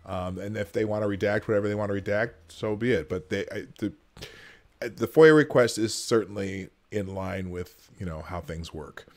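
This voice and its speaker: A man hosting a livestream show, chatting casually and excitably, often shifting closer to and farther from the mic. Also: lowish voice, moderate pace. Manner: excitable, loudness jumps as he moves around the mic. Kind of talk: casual chat.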